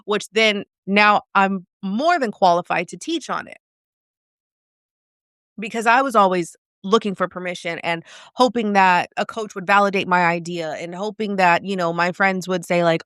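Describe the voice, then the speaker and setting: Woman business coach, casual and direct, smooth clear voice, dry close mic. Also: lowish voice, moderate pace, fairly bright tone, dry recording. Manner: casual, direct, asks many questions. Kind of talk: live video coaching talk.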